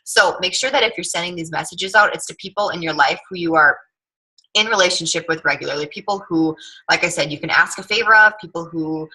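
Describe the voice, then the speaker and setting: Bright, breathy woman coaching new recruits. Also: on the low side, fairly quick, low-quality recording. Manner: friendly, many "um" fillers, earnest coaching. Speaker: team leader training new distributors. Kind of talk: casual training talk to camera.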